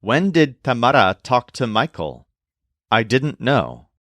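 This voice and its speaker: A male teacher narrates a recorded language lesson, his pitch rising and falling with a lively, animated lilt. He talks slowly and carefully, spelling words letter by letter. The voice is dry and close, with no room sound. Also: no echo. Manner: slow, deliberate explanations with spelled-out words.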